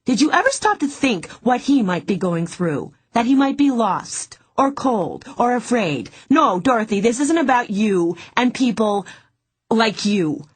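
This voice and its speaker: A woman's voice: mid-range voice, animated, moderate pace, voice pushed up, lightly acted. A woman voicing an outspoken, exasperated woman investigator in a first-person audiobook. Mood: angry.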